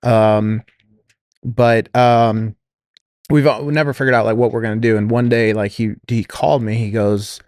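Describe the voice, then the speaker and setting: A man's voice: lowish voice, moderate pace, no room sound, clean studio sound. A man casually telling a business story on a podcast, rambling with fillers and restarts and quoting others. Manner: quotes others in lively voices.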